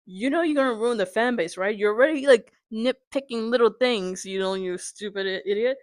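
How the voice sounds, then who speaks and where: A woman's voice: fairly high pitch, fairly quick, few pauses, dry recording. Angry swearing young woman ranting. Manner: exasperated, swearing, repeats "you understand?". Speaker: vlogger. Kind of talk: angry sports rant.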